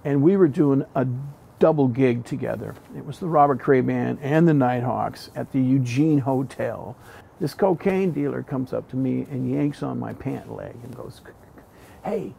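A man's voice: mid-range voice, vocal fry, breathy edge. A middle-aged man, a blues singer and harmonica player, telling a casual story and animatedly acting out the people in it. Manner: animated, acts out quoted voices in his tale.

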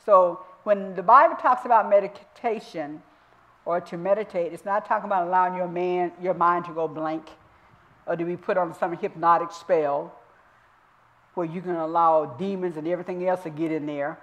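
A woman's voice: on the low side, steady tone, a bit bright, lo-fi sound. Emphatic woman minister teaching scripture. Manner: emphatic, repeats and drawls scripture slowly. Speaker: minister teaching Bible study. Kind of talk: sermon-style Bible teaching. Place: church.

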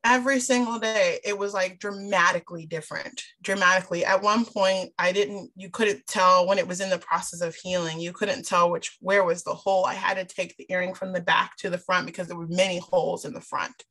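A woman's voice: on the low side, fairly quick, few pauses. A woman sharing a personal testimony in a sermon, telling her story with emphasis and acting out the dialogue. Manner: animated storyteller who acts out dialogue; emphatic, repeats phrases for stress. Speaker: church speaker sharing a testimony.

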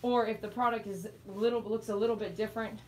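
A middle-aged woman and dog groomer chatting casually while she grooms, telling animated stories and laughing often. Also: medium pitch, quick pace, recorded from a distance, a little hiss or hum, low-quality recording. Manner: chatty, animated storytelling with quoted voices.

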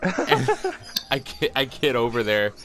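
A man's voice: medium pitch, huge pitch swings, takes it slowly, loud music behind the voice. A young man telling a rambling, sweary story in casual chat, laughing often between filler-heavy lines. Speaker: podcast co-host telling a story.

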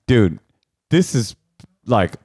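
Low-voiced joking podcast host. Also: male voice, very animated, extremely slow, mellow, slightly rough, no echo, clean studio sound. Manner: joking, rambling. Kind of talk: casual chat.

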